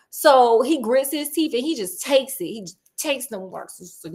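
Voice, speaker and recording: Give me an animated woman storyteller, casual and slangy, with a slightly high voice. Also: normal speed, few pauses. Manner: chatty, animated, slangy, playful asides. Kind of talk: casual book retelling.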